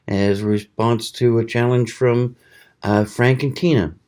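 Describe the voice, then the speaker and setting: A man hosting his own channel, talking casually in a slow, rambling way with many pauses and fillers. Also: medium pitch, very animated, creaky, a little mellow. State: hiccuping. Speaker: channel host. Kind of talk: casual knife review vlog.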